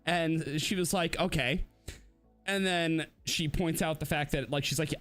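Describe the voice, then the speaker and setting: A man co-hosting a live-streamed podcast, talking casually and laughing often, with quick swings into mocking put-on voices. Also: fairly high pitch, steady tone, a bit bright, soft background music. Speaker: podcast co-host.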